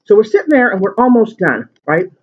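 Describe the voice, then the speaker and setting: Man, high-ish voice, chatty home-video eater rambling on, muffled lo-fi sound. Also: sing-song, fairly quick. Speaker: mukbang vlogger. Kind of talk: casual chat while eating. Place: at home at the dinner table.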